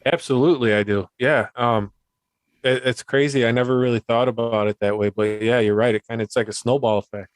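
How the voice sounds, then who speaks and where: A man's voice: mid-range voice, steady tone, fairly quick, clean tone, no echo. An easygoing man chats casually, often restarting his sentences while building on a thought. His voice sits in a middle register and comes through dry and close, with no room sound. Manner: easygoing, agreeable, frequent restarts. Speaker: podcast guest or host. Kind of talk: casual conversation.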